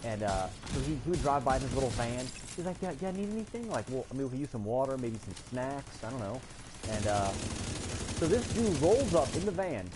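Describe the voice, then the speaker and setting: A man's voice: mid-range voice, a little fast, noisy background. Rambling man telling stories. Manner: rambling storyteller, laughs often, animated quoted voices. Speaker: gaming streamer. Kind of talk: casual chat while gaming.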